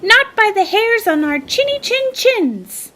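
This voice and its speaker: A woman's voice: very high voice, big pitch swings, unhurried, bright, forceful tone, a little hiss or hum, voice pushed up, exaggerated voice. A woman voicing three frightened little pigs who cry out shrilly in defiance. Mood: defiant.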